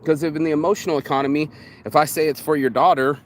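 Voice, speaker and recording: A man's voice: a little high, steady tone, fast. Man, casual outdoor vlog, rambling and swearing, street noise behind. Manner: rambling, profane, uses "bro" often. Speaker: vlogger. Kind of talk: casual monologue to camera. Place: outdoors in public.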